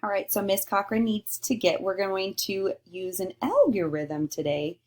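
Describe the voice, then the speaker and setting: A woman teaching a recorded lesson to young children. She speaks slowly and carefully, sounding out each letter. Her pitch swoops up and down in an animated, sing-song way.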